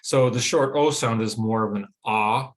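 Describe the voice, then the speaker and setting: A man with a Western American accent teaching a phonetics lesson, explaining clearly and pausing to sound out vowels. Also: medium pitch. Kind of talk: phonetics lecture.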